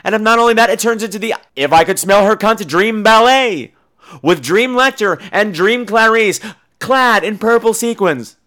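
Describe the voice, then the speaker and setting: A man's voice: high-pitched, expressive, normal speed, sharp tone. A man hosting a podcast, ranting in a comic, profane way and acting out quotes in exaggerated voices, with a New York accent. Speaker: podcast host. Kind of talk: comedic podcast rant.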